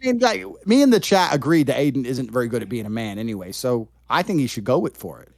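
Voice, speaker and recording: A middle-aged man speaks fast in a casual stream chat, with a slightly raised pitch. His deadpan teasing sounds close and dry, with no room around it. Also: creaky, no room sound. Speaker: guest.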